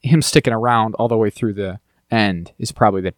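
Fast-talking man co-hosting a podcast. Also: fairly low pitch, no room sound. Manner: chatty, joking, thinking aloud. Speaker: podcast co-host. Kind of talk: casual chat.

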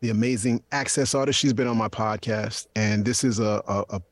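A man's voice: lowish voice, fairly even intonation, fairly quick, no room sound. A man and podcaster talking in a casual discussion, often repeating words as he thinks. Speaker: podcaster and guest.

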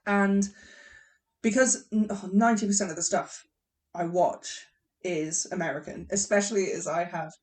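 A woman's voice: on the low side, fairly even intonation, normal speed, a little mellow, far from the mic. A young English woman co-hosting a podcast in casual chat, self-mocking and laughing often. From England. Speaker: podcast co-host.

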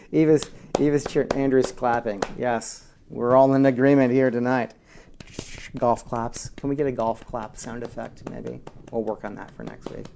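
Man, pastor, sermon, mid-pitched voice, whispers then shouts, calls for amens, chatty asides. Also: measured pace, slight background noise. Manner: animated preaching that swings from whispers to shouts; call-and-response with the congregation.

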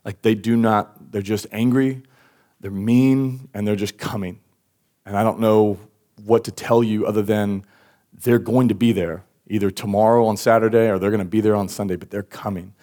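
A man's voice: fairly low pitch, fairly even intonation, moderate pace, mellow. A young man, telling a personal story in a church sermon, talking casually with many "like"s and "um"s and an occasional sigh. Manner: conversational, frequent "like" and "um", sighs. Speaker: worship pastor. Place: church service.

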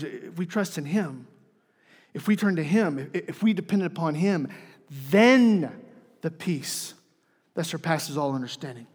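A pastor delivers a sermon in a church sanctuary, his male voice high-pitched and slightly rough. He moves between soft, hushed passages and lively, raised mock dialogue, and the recording carries the long reverb of a church hall.

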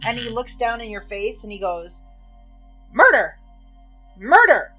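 Woman game master, relaxed narration, mid-pitched, light music behind. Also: normal speed. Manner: descriptive, relaxed narration with fillers.

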